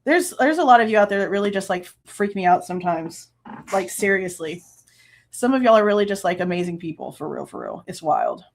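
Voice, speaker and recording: A woman's voice: mid-range voice, expressive, a little fast. A woman, hosting a true crime livestream, ranting angrily, swearing and laughing between outbursts. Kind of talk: casual livestream rant.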